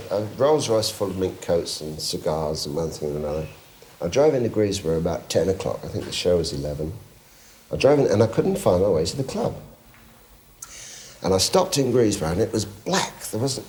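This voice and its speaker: A middle-aged man spins chat show stories in a low voice. His pitch swings widely as he talks, and he laughs his way through the anecdotes. A faint hiss sits under the recording. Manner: lively storyteller, laughing often. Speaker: guest singer.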